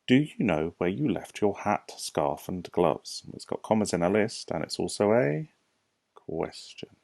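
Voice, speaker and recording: A man with a British accent, a primary school teacher giving a recorded lesson to young children, explaining slowly and patiently with questions to the class. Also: sits low, sing-song, a little mellow, no echo. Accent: British English. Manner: slow, clear, patient explaining with rhetorical questions.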